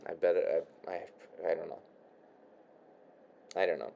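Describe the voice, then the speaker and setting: A man's voice: deep voice, creaky, warm tone, a little hiss or hum. A young man talking casually in his room while building a paper model, rambling with many restarts, sighs and casual swearing. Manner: halting, repeats words, sighs, swears casually. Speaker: vlogger.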